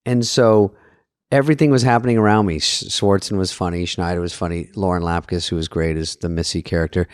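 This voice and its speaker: A man's voice: steady tone, brisk, no echo, clean studio sound. A man co-hosting a podcast, telling a rambling story and acting out quotes in bursts. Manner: rambling storyteller, acts out quotes with jumpy pitch. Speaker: co-host. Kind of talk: casual podcast chat.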